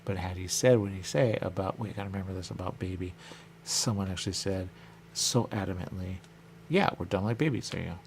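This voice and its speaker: A man's voice: sits low, fairly quick, a little mellow, a little hiss or hum. A man hosting a radio show, musing in a loose, repetitive monologue and returning again and again to the same stock phrases. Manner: loose, repetitive, musing, keeps saying "there you go". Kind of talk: rambling monologue.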